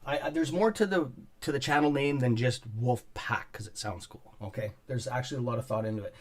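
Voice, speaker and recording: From a home studio on a top floor, a man with a medium-pitched voice hosts a casual stock market livestream, talking briskly. He rambles and swears while chatting with viewers, greeting them by name, and he clears his throat and coughs often.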